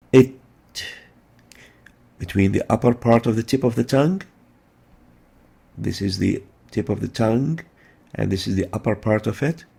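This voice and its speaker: A man's voice: lowish voice, gravelly, warm tone, husky. A man teaching letter pronunciation in a methodical way, repeating each sound several times for practice. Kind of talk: instructional lesson.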